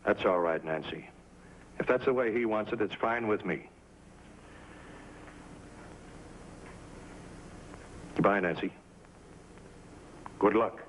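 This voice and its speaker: A man's voice: lowish voice, moderate pace, natural voice. An actor playing a blunt, exasperated male talent agent in a 1950s TV drama. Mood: resigned. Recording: dull old TV soundtrack with faint hiss.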